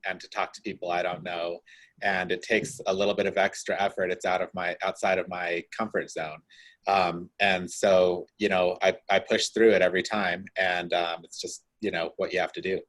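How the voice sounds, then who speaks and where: A deep-voiced man giving a candid, reflective interview answer. He pauses and hesitates now and then as he talks it through. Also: a bit bright, low-quality recording. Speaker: real estate agent guest.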